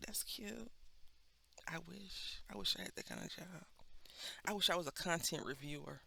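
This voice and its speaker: A woman's voice: deep voice, gravelly. A woman with a Texan accent chatting casually and rambling through a craft video, sometimes dropping into a whisper. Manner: chatty, rambling, animated asides. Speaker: craft vlogger. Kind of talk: casual chat while stamping.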